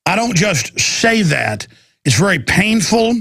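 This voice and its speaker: Man, talk radio host, combative rant, very gravelly, somewhat high voice. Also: sing-song, slow pace, fairly bright tone. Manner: intense, combative, ranting. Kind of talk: political talk radio monologue.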